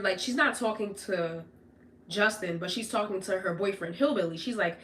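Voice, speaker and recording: A young woman tells a story to her viewers in a casual, animated way, swearing freely and tossing in "whatever" and "right?" as she goes. Her voice is bright and sits at a middle pitch. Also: normal speed. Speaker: streamer telling a personal story.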